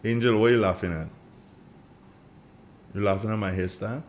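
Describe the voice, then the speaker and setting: A middle-aged man with a Grenadian accent hosting a morning radio show, chatty and joking as he sends shout-outs to listeners. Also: lowish voice, fairly even intonation, fairly quick, a little hiss or hum. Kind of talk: casual morning radio chat.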